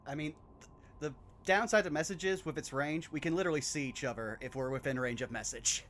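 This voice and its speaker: A man playing in a tabletop game who also manages the stream, talking in a brisk, practical way. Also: fairly high pitch, fairly bright tone, slight background noise. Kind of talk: casual chat in a tabletop game.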